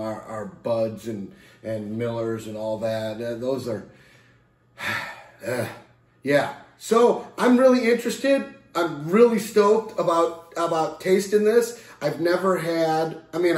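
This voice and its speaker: Slow, chatty man in an echoey room. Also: mid-range voice, darkish tone. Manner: rambling, chatty, self-correcting; playful sound effects and jokes. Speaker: beer reviewer. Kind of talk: casual beer review vlog.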